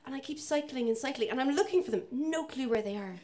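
A woman's voice: high voice, lively intonation, quick pace, a little mellow. A young adult woman with an Irish accent telling a self-mocking personal story, acting out the voices of the people in it. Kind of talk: personal story told to an audience.

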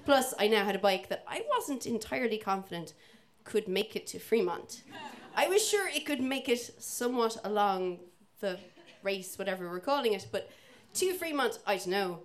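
A woman's voice: mid-range voice, lively intonation, normal speed. A young adult woman with an Irish accent telling a self-mocking personal story, acting out the voices of the people in it. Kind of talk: personal story told to an audience.

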